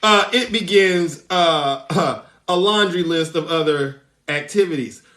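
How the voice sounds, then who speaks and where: A livestream host reads out the news as live commentary, teasing theatrically, laughing often, and greeting viewers by name. He speaks slowly in a slightly high, sharp voice, and the room sounds echoey.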